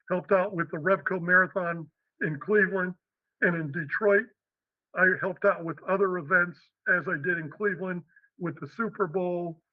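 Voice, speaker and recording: An older man from Western Pennsylvania, a podcast guest, telling his life story in an animated way and acting out the quotes. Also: sits high, dry recording. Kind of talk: storytelling interview. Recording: slightly dull, dry lo-fi podcast audio.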